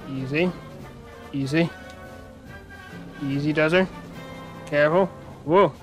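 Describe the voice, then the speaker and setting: A man giving let's-play commentary on a racing video game, rambling through animated, self-mocking jokes as he plays. His voice sits high for a man, with faint game music playing softly behind him. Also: moderate pace, pauses often. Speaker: gaming commentator.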